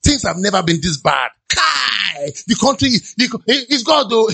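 A Nigerian-accented pastor delivers an animated sermon in a church. His somewhat high, bright voice rings out as he preaches, now and then mimicking sighing listeners. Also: normal speed, creaky, hardly any pauses, husky.

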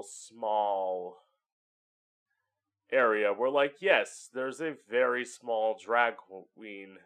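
A fairly low-pitched man with a fairly bright tone runs his own podcast from home. Talking alone in a casual, candid, chatty way, he curses freely and performs voices for effect.

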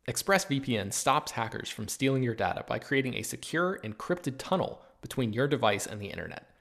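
Gravelly man reading a sponsor ad. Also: medium pitch, animated, a bit bright. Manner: upbeat, spells out web address slowly. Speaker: ad read by podcast host. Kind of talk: read sponsor ad.

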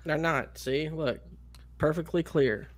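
A man's voice: fairly high pitch, slow. Profane storytelling podcast guy. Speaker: podcast co-host. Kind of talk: casual chat.

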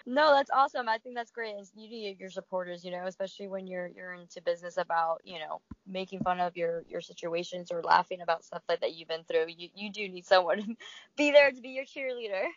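A woman's voice: lowish voice, quick pace, dry recording. A woman hosting a podcast interview, reacting with easy laughter and agreement. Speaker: podcast host. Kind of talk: casual interview. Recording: dull, dry lo-fi sound.

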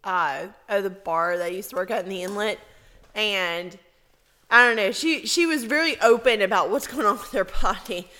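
A woman's voice: mid-range voice, moderate pace, sharp tone. Chatty, profane female podcast host. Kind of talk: crude casual chat.

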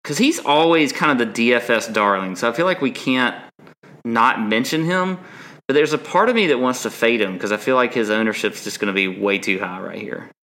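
A man's voice: mid-range voice, expressive, fairly quick, bright, forceful tone. A man co-hosting a casual golf fantasy podcast, talking through picks with frequent restarts and hedging. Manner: hesitant, many restarts, defensive when teased. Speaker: podcast co-host. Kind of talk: casual sports betting chat.

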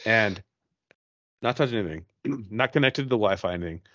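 A man's voice: fairly low pitch, a little fast, no room sound, highs cut off. A man on a podcast casually telling a ghost story, profane and rambling, acting out his own reactions. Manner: profane, rambling, animated retelling.

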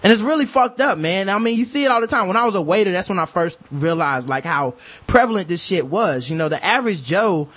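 A man co-hosting a casual podcast chat, animated and profane, acting out other people's lines as he talks. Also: high-pitched, fast. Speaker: podcast co-host.

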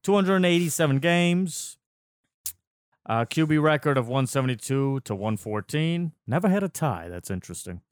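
A man hosting a casual sports podcast, steering the topics and reading out stats deliberately. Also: a little high, expressive, clean tone, no room sound, clean studio sound. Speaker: podcast host.

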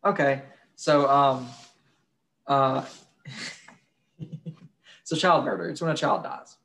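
A man's voice: mid-range voice, extremely slow, a bit bright. A young man co-hosting a casual podcast, crude and joking, swearing freely. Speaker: podcast co-host.

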